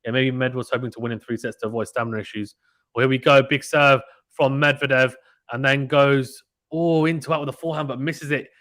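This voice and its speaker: A man doing casual live play-by-play tennis commentary, reading out chat messages in an excitable, slangy way. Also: medium pitch, a little fast, no echo. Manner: chatty, excitable, uses British slang.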